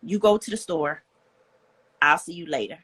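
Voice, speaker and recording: A woman's voice: low-pitched, moderate pace, fairly bright tone, breathy edge. A young woman, speaking as a guest in a candid, personal storytelling style, earnest and frank, with plenty of "like" and "you know".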